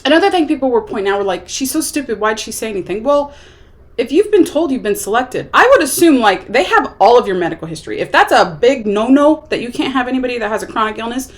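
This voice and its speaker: A woman's voice: a little high, sing-song, quick pace. Chatty woman rambling about a movie. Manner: chatty, rambling, lots of "like" fillers. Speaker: vlogger reviewing a movie. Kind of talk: casual chat.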